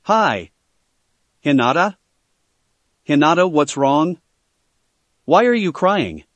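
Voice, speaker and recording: A man voicing a brash, warm-hearted teenage boy ninja who sounds eager and concerned. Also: fairly high pitch, very animated, takes it slowly, no room sound.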